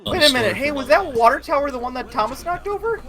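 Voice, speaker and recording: A speaker in a casual commentary chat, excitable and prone to exclaiming. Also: sits high, fast, faint music behind.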